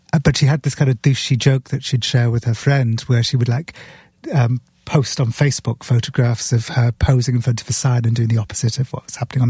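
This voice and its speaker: Mellow, husky man telling a story. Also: medium pitch, no room sound, studio quality. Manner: earnest storyteller, retells scenes; sipping beer while talking. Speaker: author guest. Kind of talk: podcast conversation.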